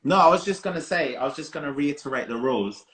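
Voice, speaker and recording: A man's voice: a little high, expressive, quick pace, fairly bright tone. A man with a London accent co-hosting a podcast, chatting casually with playful, emphatic storytelling. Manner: playful, emphatic storytelling, spells words out for effect. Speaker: podcast co-host. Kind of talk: casual chat.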